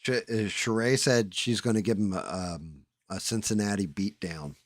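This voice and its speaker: A man's voice: lowish voice, normal speed, dry recording, studio quality. A man from the Northeastern United States telling rambling stories in casual chat, full of fillers and swearing. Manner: rambling anecdotes with fillers and profanity.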